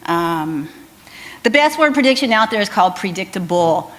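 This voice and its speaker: A woman speech pathologist giving an animated conference talk, telling stories with frequent ums and restarts. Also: medium pitch, normal speed.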